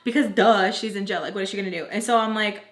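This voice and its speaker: A young woman vlogger tells her viewers a personal storytime in casual slang, speaking quickly in a mid-range voice. She's animated throughout, acting out the voices and quoted dialogue of the people in her story.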